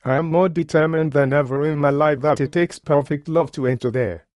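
A man's voice: fairly high pitch, a little fast, a little mellow, no room sound, clean studio sound. Folksy man preaching a story. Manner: folksy, nonstandard grammar. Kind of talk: sermon storytelling.

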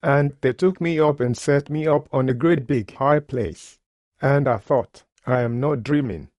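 A man's voice: mid-range voice, a little slow, a little mellow, no echo. Man, folksy preacher, dry close recording. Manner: folksy, nonstandard grammar. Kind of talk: sermon storytelling.

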